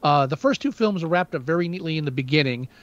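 Guy chatting about movies, kinda high voice, rambles a lot, dull lo-fi mic. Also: animated, quick pace, no echo. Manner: rambling, lots of fillers and restarts. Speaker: podcast co-host. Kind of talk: casual movie review chat.

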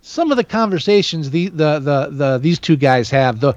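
A high, lively male voice rambles through a casual film review, stumbling and restarting as he goes. The sound is dry and a little muffled, like a lo-fi podcast mic. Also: normal speed, no room sound. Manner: rambling, many restarts, animated. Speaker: podcast co-host. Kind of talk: casual movie review chat.

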